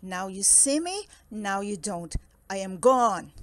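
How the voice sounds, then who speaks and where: A woman's voice: medium pitch, sing-song, slow, no echo. A woman voicing a small, polite gray male mouse who is mild and apologetic, in a storybook read-aloud.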